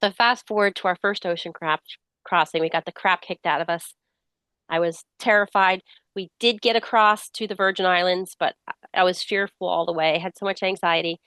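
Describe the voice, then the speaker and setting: A middle-aged woman author, appearing as an interview guest with a slight cold, tells stories casually and acts out what people said with lively energy. Her voice is fairly low and brisk, with a clean tone and no room sound.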